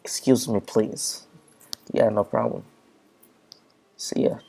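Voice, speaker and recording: A man's voice: lowish voice, fairly even intonation, slow pace, dark tone, a little hiss or hum. A man commentating on his gameplay and reading game dialogue aloud in a loose, offhand way.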